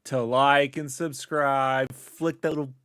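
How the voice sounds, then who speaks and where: A man's voice: mid-range voice, little pitch movement, takes it slowly, fairly bright tone, clear, resonant tone, no room sound, studio quality. A man co-hosting a casual chat show, joking and laughing often with salty asides. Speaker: co-host.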